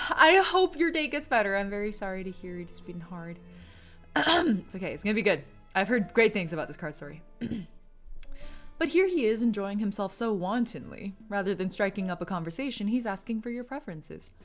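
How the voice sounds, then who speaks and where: A young woman streaming a game playthrough, chatting with her viewers and giggling often as she reads aloud. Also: medium pitch. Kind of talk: live game playthrough chat.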